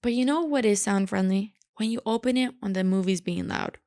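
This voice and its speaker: A young woman hosting a solo podcast, ranting in a sassy, animated way with lots of filler "like". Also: mid-range voice, brisk. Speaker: podcast host.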